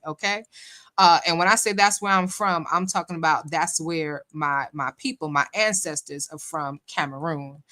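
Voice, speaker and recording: Bright-voiced woman hosting a livestream. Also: lowish voice. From New York City. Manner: chatty, reads viewer comments aloud, laughs often. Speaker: livestream host. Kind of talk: casual livestream chat.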